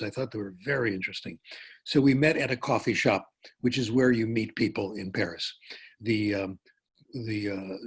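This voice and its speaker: An older man giving a lecture, telling a personal story in a relaxed, anecdotal way with small restarts. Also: medium pitch, husky. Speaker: keynote speaker.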